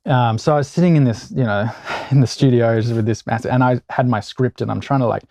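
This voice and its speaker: A man's voice: mid-range voice, brisk, creaky, no room sound, studio quality. Australian man telling stories. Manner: animated anecdotes with quoted voices. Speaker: actor guest. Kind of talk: casual interview storytelling.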